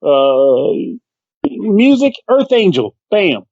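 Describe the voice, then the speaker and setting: A male podcast co-host chats casually and tells lively stories, dropping curse words and putting on voices for the people in them. His dry, dull-sounding mic carries no room at all. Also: high-pitched, extremely slow, dry recording. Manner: animated storyteller, swears freely, acts out the people he quotes. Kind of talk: casual chat.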